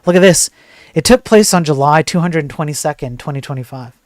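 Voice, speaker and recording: Blunt ranting tech news host. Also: male voice, on the high side, brisk, a little mellow, no echo, studio quality. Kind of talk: casual live-stream commentary.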